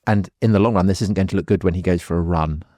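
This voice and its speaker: A man co-hosting a history podcast, dropping in wry, quick remarks during the conversation. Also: low voice, warm tone, dry recording, clean studio sound. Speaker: podcast co-host. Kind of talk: casual conversational chat.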